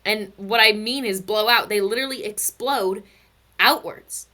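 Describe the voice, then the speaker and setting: A woman's voice: mid-range voice, unhurried, pushed and bright. A woman teaching a recorded physics lesson, chatty and playful, slipping into silly stories and asides.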